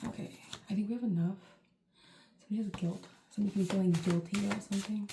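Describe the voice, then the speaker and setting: A woman's voice: medium pitch, steady tone, quick pace, vocal fry, noisy background. A woman giving a casual tarot reading to the camera, rambling and chatty with lots of "like" and "um". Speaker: tarot reader. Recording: roomy echo.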